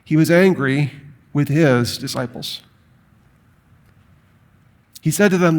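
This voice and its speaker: A man giving an animated Bible lecture to an audience, emphatic and full of rhetorical questions. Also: fairly high pitch, slow pace, pauses often. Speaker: Bible teacher.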